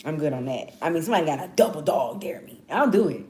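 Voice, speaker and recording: Lower-pitched woman host of about forty, profane and rambling, casual monologue. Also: expressive, fast, dark tone. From Texas. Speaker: podcast host.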